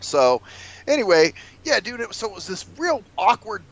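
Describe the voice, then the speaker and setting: A fairly high, very lively male voice that rambles through a story, peppered with swearing and "dude." The recording sounds dull and lo-fi. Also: moderate pace. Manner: rambling storyteller, swears freely, says "dude" and "man" a lot. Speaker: podcast co-host. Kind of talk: casual chat.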